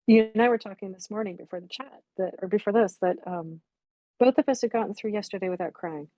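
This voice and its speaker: A woman's voice: mid-range voice, quick pace, mellow, no room sound. A woman in her sixties reminiscing candidly and reflectively, speaking frankly and swearing bluntly at times. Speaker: memorial stream guest.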